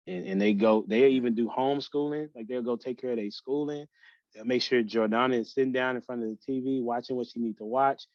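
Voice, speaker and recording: A man talking as a podcast guest in a personal, emotional conversation, speaking haltingly with many restarts and fillers. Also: mid-range voice, steady tone, no echo, dull audio.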